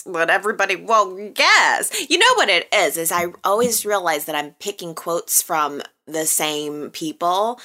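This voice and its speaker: A woman's voice: lowish voice, pushed and bright. A woman hosting a soap opera chat show, talking casually to her viewers with a chatty, teasing manner and frequent laughs. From American Midwest and Texas. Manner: chatty, laughs often, playful teasing asides.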